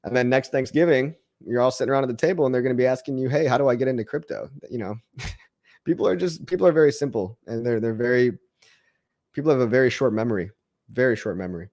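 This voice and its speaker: A man's voice: medium pitch, quick pace, a little mellow. A man hosting a livestream and answering chat questions in a casual, upbeat pep talk that rambles and restarts words. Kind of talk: casual motivational rant.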